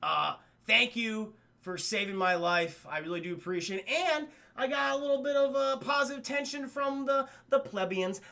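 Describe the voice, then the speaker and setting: A snobbish old cartoon mob boss talks in a mock-lofty, offhand way, as a young man quotes him. The voice stays fairly high and gravelly, with a bright edge. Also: animated, moderate pace, hardly any pauses, heavily acted. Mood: smug. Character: gruff old male mob boss, grateful but snobbish.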